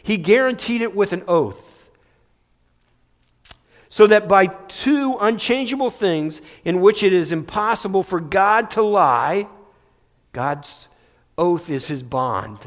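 A male pastor preaching a sermon, moving between loud emphatic peaks and hushed, near-whispered passages. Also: high-pitched, animated, slow, long pauses. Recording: long hall reverb.

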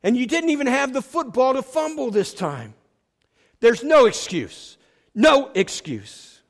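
A man voicing a hot-tempered male football coach who scolds and yells at a player. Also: extremely high pitch, big pitch swings, unhurried, gravelly, in a large hall, pitched above the performer's own voice, heavily acted. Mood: angry. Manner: yelling, scolding.

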